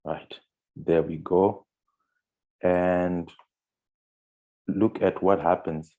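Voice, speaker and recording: Guy w a really low mellow voice doing a screen tutorial, lots of um and restarts. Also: steady tone, extremely slow, muffled recording. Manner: talks through on-screen steps with frequent fillers and restarts. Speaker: trading instructor. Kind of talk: screen-share tutorial walkthrough.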